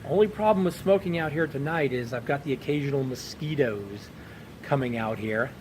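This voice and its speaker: Sitting outside on a bench after dark, this man, a pipe-smoking vlogger, rambles through a chuckling story in easygoing conversation. He speaks in a mid-range voice at a moderate pace, with background noise in the audio.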